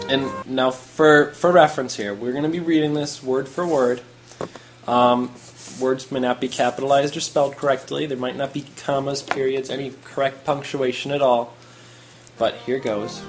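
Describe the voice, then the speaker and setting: A man's voice: medium pitch, normal speed, music in the background. A male podcast host doing a comedic word-for-word reading of a fan story, who laughs often.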